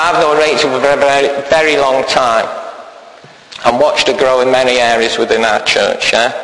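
A man's voice: medium pitch, creaky, fairly bright tone. A man giving an informal sermon in a church, chatty and peppering his talk with "yeah?" questions. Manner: chatty, keeps adding "yeah?" tag questions. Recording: echoey church hall with long reverb.

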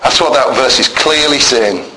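A man's voice: medium pitch, normal speed, pushed and bright, slight background noise. A man preaching a sermon in a church, emphatic and conversational, often asking the congregation questions. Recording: echoey church room with faint ambience.

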